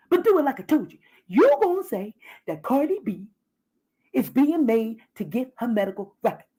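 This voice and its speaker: A woman's voice: on the high side, warm tone, slightly rough. A woman putting on a brash, scheming female gossip host who gives profane orders over and over. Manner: bossy, profane, repetitive ordering.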